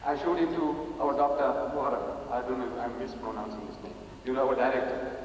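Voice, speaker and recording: An older man from South Africa giving an emphatic public lecture, repeating phrases for effect and swinging between loud exclamations and quiet asides. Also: mid-range voice, a little fast, a little hiss or hum. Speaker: Muslim public speaker. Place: lecture hall. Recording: echoey hall recorded from a distance.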